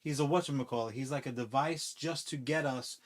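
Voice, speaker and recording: A man chatting casually on a podcast, rambling and swearing as he pitches a movie idea with acted-out quotes. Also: fairly quick. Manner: rambling, profane, animated storytelling with acted-out quotes. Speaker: podcast co-host. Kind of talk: casual comic-book podcast chat.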